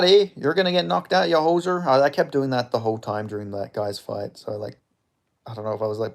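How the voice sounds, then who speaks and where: Excitable man reacting to a live fight. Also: lowish voice. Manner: excitable, swearing, bursts into loud reactions. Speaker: streamer hosting a live fight watch-along. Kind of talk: live casual fight commentary.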